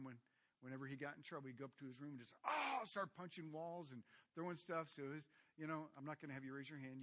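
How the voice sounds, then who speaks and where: Guy preaching a sermon, high bright voice, goes quiet then gets loud and animated. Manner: addresses congregation directly as guys. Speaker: pastor.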